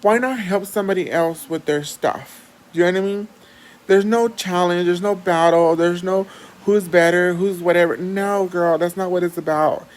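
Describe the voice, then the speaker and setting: A woman's voice: on the low side, normal speed, low-quality recording. Chatty swearing woman vlogger from Texas. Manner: chatty, animated, swears freely. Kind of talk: casual storytelling.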